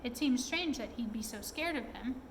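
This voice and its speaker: Storyteller: woman reading a children's book aloud, expressive, voice high-pitched. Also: moderate pace, a little hiss or hum, poor audio. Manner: expressive, asks listeners questions.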